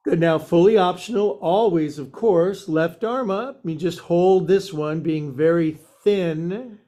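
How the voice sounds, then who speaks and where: A man's voice: high-pitched, unhurried, warm tone. A man teaching a yoga class and guiding poses with a playful, joking manner.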